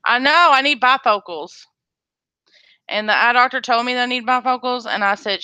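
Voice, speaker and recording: A woman's voice: fairly high pitch, normal speed, pushed and bright, clear, resonant tone, no room sound. A woman hosting a casual livestream chat, blunt and sarcastic as she talks with viewers. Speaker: livestream host.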